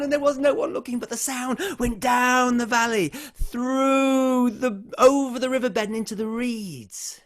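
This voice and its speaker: A man telling a folk tale aloud, animated and swinging between loud and hushed delivery. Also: very high-pitched, moderate pace, few pauses. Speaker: storyteller. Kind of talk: oral folk storytelling.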